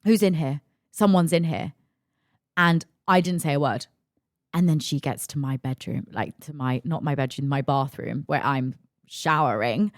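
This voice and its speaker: A woman, a podcast host telling a story in an animated, emphatic way and swearing freely. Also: a bass voice, normal speed, dry recording, studio quality. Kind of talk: casual storytelling.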